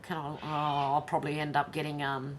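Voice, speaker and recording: An Australian woman hosts a live stream in a blunt, chatty way, calling out viewers by name. Her voice sits a little low. A faint rumble runs underneath. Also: monotone, fairly quick. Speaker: commentary channel host. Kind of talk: casual live-stream commentary.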